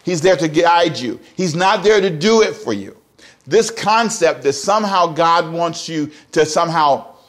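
A man preaching a sermon as pastor, emphatic and repetitive, often asking the congregation direct questions. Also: fairly high pitch.

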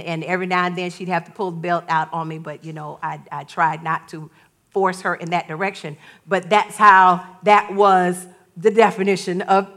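An older woman and grandmother preaching a sermon, telling stories in a lively way and laughing often. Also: medium pitch. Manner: storytelling, animated, laughs often.

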